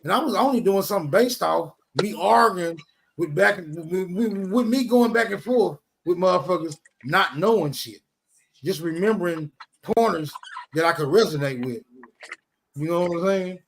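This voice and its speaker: High-pitched gravelly man, blunt slang. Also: moderate pace, a little hiss or hum. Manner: blunt, heavy slang and profanity. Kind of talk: casual chat.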